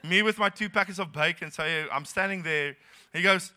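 Male South African pastor, bright, higher-pitched, animated storyteller in a church sermon. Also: normal speed. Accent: South African English. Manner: animated storytelling, laughing often, acting out dialogue.

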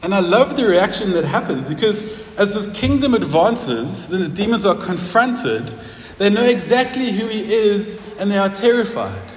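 A man preaching a sermon in a church hall, talking conversationally and putting questions to the congregation. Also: sits high. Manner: conversational, asks the congregation questions, laughs at own stories. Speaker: pastor. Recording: roomy hall with long reverb, faint noise.

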